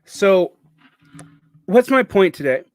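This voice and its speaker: Guy around 40 w/ a faint southern accent, r's l's and w's blur together, rambles and restarts a lot, kinda high voice. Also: sing-song, slow, dry recording. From Southern United States. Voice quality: speech impediment blurring r, l and w sounds. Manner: rambling and digressive, with many restarts. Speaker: vlogger. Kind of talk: casual monologue.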